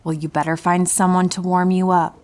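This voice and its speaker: A man's voice: high voice, brisk, pitched above the performer's own voice, close to an everyday voice. A man putting on a sarcastic doll-spirit woman. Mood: cold, mocking. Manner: sarcastic monotone. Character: sinister female spirit inside a lifelike doll. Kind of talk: horror story narration.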